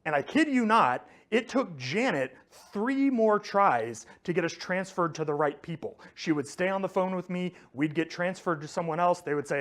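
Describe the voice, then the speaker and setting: A man's voice: high-pitched, expressive, normal speed, hardly any pauses, fairly bright tone. A man giving a conversational faith teaching, telling a story with frequent fillers and restarts.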